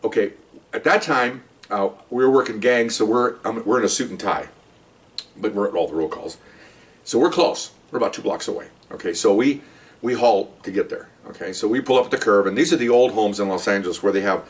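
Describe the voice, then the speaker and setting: A former cop tells a long, rambling story in a casual, animated way, full of acted-out quotes from the people involved and bursts of laughter. His voice sits lowish and his pace is brisk, captured on a distant mic.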